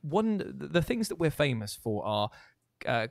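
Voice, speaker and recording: A man's voice: on the high side, big pitch swings, unhurried, creaky, no room sound, clean studio sound. A young British man co-hosting a gaming livestream, chatting casually and jokily greeting viewers by name. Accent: British English. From Britain.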